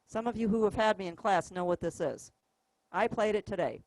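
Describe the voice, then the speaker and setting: A woman's voice: medium pitch, fairly quick, darkish tone, no echo, rough recording. A woman teaching a music workshop, patiently explaining rhythms by counting and singing the notes aloud. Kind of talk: classroom instruction. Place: music store classroom.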